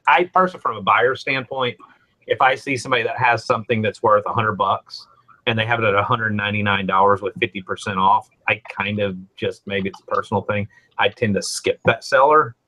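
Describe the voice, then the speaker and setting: A man with a Southern US accent hosting a casual show and telling stories with lively swings between loud and quiet. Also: fairly low pitch, brisk, rough recording. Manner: animated storytelling, swings from loud to quiet asides. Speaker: host. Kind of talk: casual chat.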